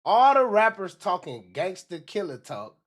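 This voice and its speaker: A fairly high-voiced man rants on a livestream in loose, animated bursts. He repeats himself a lot and often slips into mock voices. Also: a little slow. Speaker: livestream commentator.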